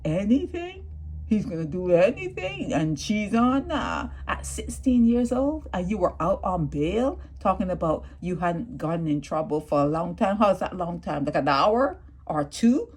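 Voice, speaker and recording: Husky woman sounding off. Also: fairly low pitch, moderate pace, hardly any pauses. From Barbados. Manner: animated, indignant, talks straight to viewers. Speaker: vlogger. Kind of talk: opinionated news commentary.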